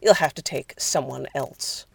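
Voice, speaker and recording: Narrator doing a soft, eerie male ghost. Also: mid-range voice, a little slow, vocal fry, breathy edge, heavily acted. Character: ghostly calm man in white.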